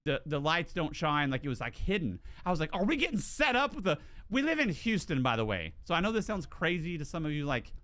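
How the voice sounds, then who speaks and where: A man streaming a game, telling a story in a casual, animated way, swearing and restarting his words. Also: a little high, fairly quick.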